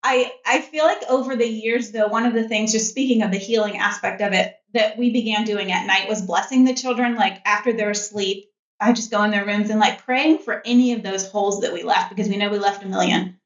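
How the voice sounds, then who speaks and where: A woman's voice: mid-range voice, fairly even intonation, a little fast. A middle-aged woman guest telling a personal family story in an earnest, candid way, with many fillers. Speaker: podcast guest, mother. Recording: roomy, dull-sounding audio.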